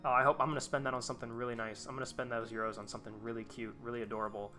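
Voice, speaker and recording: Foul-mouthed exasperated streamer man, bright voice. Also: mid-range voice, level tone, very fast, soft background music. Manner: profane, exasperated outbursts and rambling asides. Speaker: live streamer. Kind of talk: casual live-stream chat while designing a tank.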